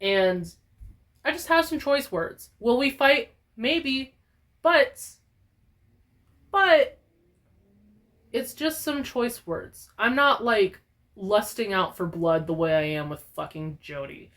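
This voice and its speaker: A woman's voice: fairly high pitch, takes it slowly, pauses often. Young woman ranting with lots of swearing. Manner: profane, animated, exaggerated ranting. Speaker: gaming YouTuber. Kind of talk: casual ranting vlog.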